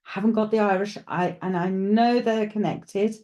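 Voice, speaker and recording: A woman giving a live psychic reading. She chats with her viewers and thinks out loud as she works. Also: mid-range voice, steady tone, normal speed, muffled recording. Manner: chatty, thinks aloud, addresses viewers directly; hesitant, with frequent restarts while working things out. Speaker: psychic medium. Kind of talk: live streamed mediumship reading.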